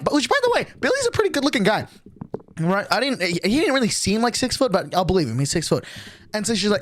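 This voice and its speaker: A man's voice: sits high, very animated, fast talker. A young man streamer telling a story in a casual, exasperated rant, swearing and restarting often. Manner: exasperated, profane, rambling with many restarts.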